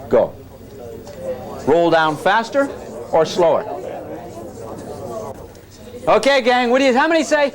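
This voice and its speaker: A man's voice: high-pitched, sing-song, unhurried, pauses often. A man teaching physics to a class, joking and coaxing the students while he demonstrates. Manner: jokey, coaxing, calls students gang.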